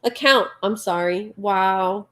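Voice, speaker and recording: A livestream host talks slowly in a mid-range, fairly bright voice during a casual late-night crochet session. She mutters her stitch counts and chats about the comments viewers send in, reading them aloud.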